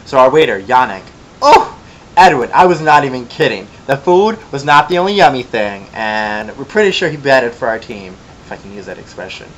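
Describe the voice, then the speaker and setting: A man's voice: medium pitch, fairly quick, a little hiss or hum, rough recording. Chatty young man telling a gossipy story. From Michigan, US. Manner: chatty, gossipy, animated quoting with sassy asides. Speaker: vlogger. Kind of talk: casual storytelling vlog.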